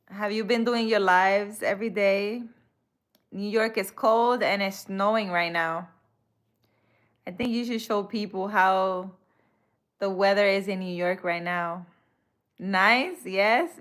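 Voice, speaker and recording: Woman, spiritual healer on a live stream, unhurried and soft-spoken, hesitant, mid-pitched. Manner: soft-spoken, hesitant, answers chat comments. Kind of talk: casual live-stream chat.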